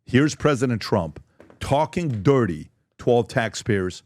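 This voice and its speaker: Animated joking male podcast host. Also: medium pitch, a little slow. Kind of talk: casual panel discussion.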